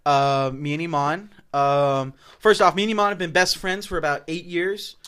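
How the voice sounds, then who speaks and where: A young man co-hosting a podcast, rambling through casual chat and animated storytelling. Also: fairly high pitch, moderate pace, clean tone. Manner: rambling, animated storytelling with goofy put-on voices. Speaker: podcast co-host.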